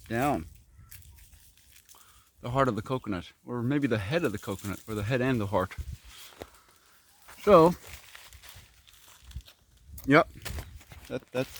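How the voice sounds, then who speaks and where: Man from Korea, casual outdoor vlogger, rambling asides, talks through mouthfuls, mid pitch, faint nature noise behind. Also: animated, slow, pauses often. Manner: talks while chewing. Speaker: vlogger clearing a fruit garden. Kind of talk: casual walk-and-talk vlog. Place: outdoors in an overgrown tropical garden.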